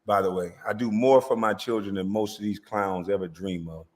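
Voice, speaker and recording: A man's voice: lowish voice, steady tone, normal speed. A man ranting boastfully and brashly in a casual vlog, speaking straight to viewers. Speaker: vlogger. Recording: long reverb.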